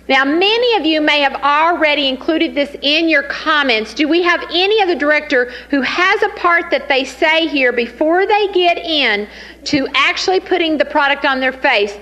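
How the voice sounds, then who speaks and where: A woman leading a sales training session, lively and teasing as she talks straight to the group. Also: high-pitched, in a large hall, poor audio.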